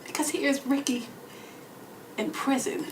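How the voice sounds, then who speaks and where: A woman with a Texan accent tells a long comic story on a club stage, her voice dropping to near-whispers and then bursting out loud. She sits a bit back from the microphone, and faint room ambience hums behind her. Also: high voice, unhurried, recorded from a distance, a little hiss or hum, poor audio. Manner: animated storytelling with swings between whispers and loud exclamations. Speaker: comedian. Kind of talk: storytelling stand-up solo show.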